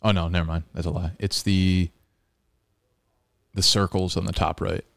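A man's voice: deep voice, flat delivery, moderate pace, gravelly, no echo, clean studio sound. A young man co-hosting a podcast, telling an exasperated, rambling story and swearing freely in a casual chat. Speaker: podcast co-host. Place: apartment room. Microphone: studio mic.

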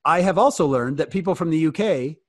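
An American man giving an interactive fireside talk, animated and joking, often asking his listeners questions. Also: fairly high pitch, a little fast, no room sound, clean studio sound. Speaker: fireside speaker.

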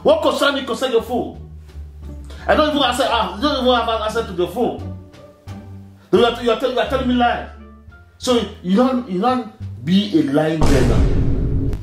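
A middle-aged man playing a strict father in a comedy skit, loudly scolding and firing indignant questions. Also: very high voice, brisk, pauses often. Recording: echoey room with music behind.

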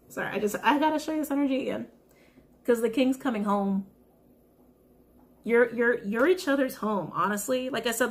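Gushing woman giving a tarot reading. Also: on the high side. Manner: emotional, gushing, casual swearing; repeats phrases for emphasis. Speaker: tarot reader. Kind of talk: casual tarot reading to camera.

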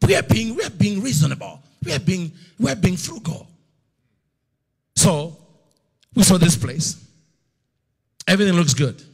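A middle-aged male preacher telling a story in a sermon, swinging between loud slow outbursts and hushed near-whispers. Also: high voice, sing-song, vocal fry, slightly rough. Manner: storytelling, acts out God's voice in loud slow bursts.

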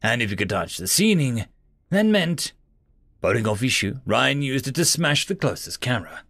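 A man narrating a science fiction story for his channel, reading with expressive, dramatic delivery. His voice has a gravelly grain and swings widely in pitch. The recording is dry and close. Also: moderate pace, no echo. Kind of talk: reading Reddit sci-fi story aloud.

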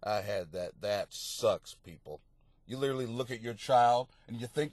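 A man's voice: medium pitch, normal speed, dry recording. Crude, blunt man on a dry mic. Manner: crude, blunt, swears a lot, breaks into loud outbursts. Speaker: podcast host giving advice. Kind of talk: casual advice podcast monologue.

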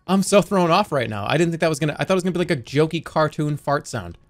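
Man streaming a game, rambling profane commentary, slightly high voice, very lively pitch. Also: fast, faint music behind. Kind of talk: live gameplay commentary.

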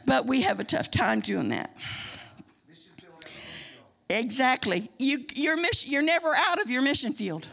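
High, gravelly woman preaching folksy sermon. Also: animated, measured pace, pauses often, a bit bright. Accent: Midwestern American. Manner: folksy, emphatic preaching to a congregation. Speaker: church speaker. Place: church sanctuary.

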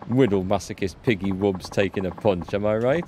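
A crude, loudmouthed street thug who jeers and taunts, as a man reads him out. The low voice is only lightly pushed up and louder than plain talk, like a gamer reading subtitles. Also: a little fast, a little hiss or hum, natural voice. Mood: taunting. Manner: taunting, coarse. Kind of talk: reading game subtitles aloud.

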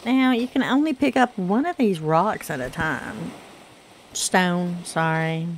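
Slow-talking Southern woman, stuffy sinuses. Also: on the low side, animated, a little hiss or hum. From Southern United States. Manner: chatty, rambling, self-deprecating with fillers. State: congested sinuses, rough voice. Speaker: gaming channel host. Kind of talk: casual gameplay commentary.

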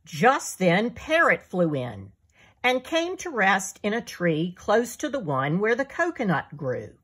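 Author reading her kids' book aloud: slow, animated, breathy woman. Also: medium pitch. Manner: slow, expressive storytelling. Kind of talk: storybook read-aloud for young children.

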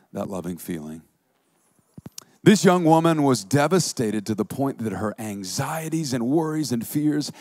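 Slow, dry-voiced pastor telling a story. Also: male voice, mid-range voice, darkish tone, no room sound. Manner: vivid storytelling with dramatic swings. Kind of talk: sermon.

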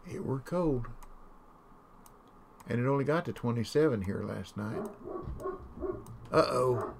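A man with a drawl talks easily as he streams a game, at an ordinary middle pitch. He drifts from one homespun story to the next in a loose, rambling way. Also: measured pace, creaky, background noise. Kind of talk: casual chat while gaming.

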